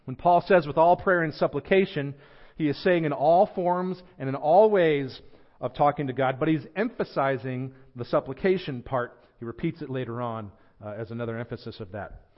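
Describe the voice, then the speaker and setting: Emphatic pastor preaching, lo-fi. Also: male voice, mid-range voice. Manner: emphatic, slows and lifts voice on scripture quotes, drops quiet at phrase ends. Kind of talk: sermon. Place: church sanctuary.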